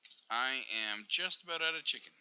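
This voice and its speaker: A young man with a very bright, ringing voice chats through his gameplay in an easy, casual way. He rambles, corrects himself mid-sentence and speaks straight to his viewers. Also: mid-range voice, lively intonation, moderate pace, clean tone, muffled recording. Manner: rambling, self-correcting, talks to viewers directly. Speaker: Minecraft server video host.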